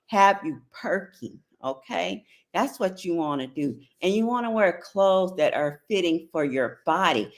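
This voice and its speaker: Middle-aged woman, African American Vernacular English accent, blunt and profane, lower voice, swooping pitch, casual advice talk. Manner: blunt, profane, preachy, checks in with "okay?". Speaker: host giving relationship advice.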